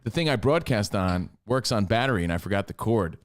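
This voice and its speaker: A man's voice: lowish voice, expressive, brisk. A man co-hosting a radio talk show, telling stories in casual banter and poking fun at himself. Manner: storytelling, self-deprecating.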